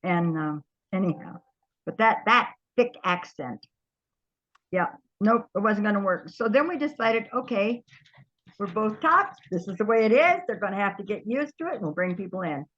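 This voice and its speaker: An older woman, an interview guest, telling stories from her past in a lively way, often trailing off and starting over. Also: medium pitch, moderate pace, highs cut off. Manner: lively storyteller, trails off and restarts. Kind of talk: storytelling reminiscence.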